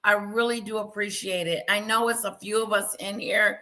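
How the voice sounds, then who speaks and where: A woman hosting a casual live stream, talking loudly and chatting with her viewers by name. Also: mid-range voice, moderate pace, few pauses, poor audio. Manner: loud, talks to chat viewers by name.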